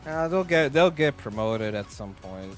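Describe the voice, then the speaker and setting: A man's voice: mid-range voice, expressive, measured pace, music in the background. A young man co-hosting a live football watch stream, calling plays and trash-talking in casual chat, cursing freely. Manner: calls plays, curses freely, teasing.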